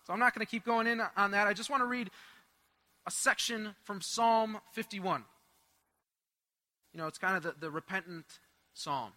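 Young male preacher, high and very bright tone, animated storyteller. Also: normal speed, pauses often. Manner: animated storytelling with laughs and asides. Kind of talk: sermon with personal story.

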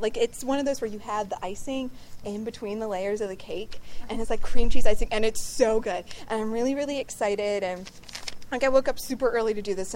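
Teen girl talking to confirmation kids, chatty and earnest, says like a lot, kinda high voice, hissy clicky recording. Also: darkish tone, poor audio. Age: late teens. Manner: chatty, earnest, frequent 'like'. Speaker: youth speaker at a confirmation event. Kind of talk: casual inspirational talk.

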